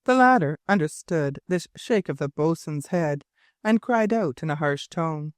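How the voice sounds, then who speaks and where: A man narrating a classic adventure novel in a measured, formal storytelling manner. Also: fairly high pitch, lively intonation, smooth, no echo, studio quality. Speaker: audiobook narrator. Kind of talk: scripted narration.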